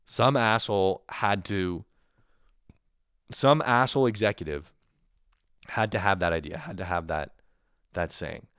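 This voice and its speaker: A man's voice: low voice, a little slow, pauses often, fairly bright tone, smooth, no room sound, clean studio sound. A man around thirty hosting his own show, ranting profanely and with exasperation, acting out imagined quotes along the way. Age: 30s. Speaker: podcast host. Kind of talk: comedic rant.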